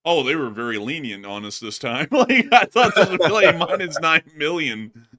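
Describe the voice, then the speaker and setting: Man, co-host, casual livestream chat, animated, bright tone, laughs a lot. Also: a little high, normal speed.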